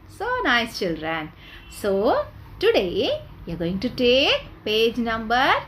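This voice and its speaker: A woman teacher speaks to young pupils in a high, swooping voice. She takes her time, stretches out words and keeps asking the children questions. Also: a bit bright. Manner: slow and drawn-out, quizzing children with repeated questions. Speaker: school teacher. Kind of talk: classroom lesson.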